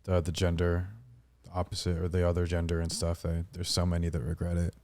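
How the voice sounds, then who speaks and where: A man's voice: sits low, completely flat delivery, fairly quick, darkish tone. A man in his twenties hosting a podcast in casual chat. He swears constantly and rambles loosely. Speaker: podcast host.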